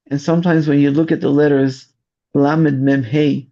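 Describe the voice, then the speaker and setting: A man who commands rescue volunteers, telling his story slowly in an interview and searching for his words. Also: a little high, steady tone, dark tone. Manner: slow, searching storytelling with restarts. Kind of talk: interview testimony. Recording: dull lo-fi audio.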